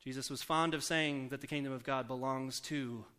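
A man preaching a sermon in a conversational way, asking the congregation questions and slowing down to softly repeat scripture. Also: medium pitch, steady tone, clear, resonant tone. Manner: slows down and softens for scripture quotes.

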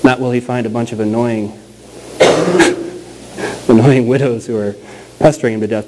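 A man in his thirties delivers a sermon in an easy, conversational voice of ordinary pitch. He tells stories with plenty of small fillers, then slows down and repeats the key lines to drive them home. A faint hiss of background noise sits under his voice. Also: a little mellow, rough recording. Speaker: pastor.

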